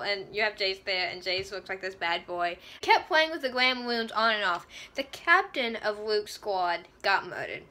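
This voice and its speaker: An excitable woman talks through a TV episode in a casual fan review vlog. Her voice sits high and sounds bright and sharp. She gushes and breaks into laughter mid-sentence.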